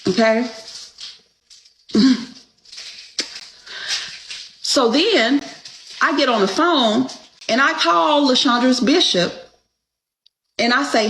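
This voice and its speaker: A woman's voice: sits high, animated, drawn-out words, long pauses, fairly bright tone, a little hiss or hum. A woman telling her story on a show, emphatic and profane, often checking in with "okay?". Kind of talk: casual storytelling. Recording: echoey room.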